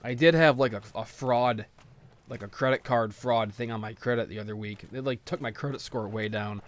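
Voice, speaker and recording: A man's voice: mid-range voice, normal speed. A man ranting in grumbly, profane, casual gameplay commentary.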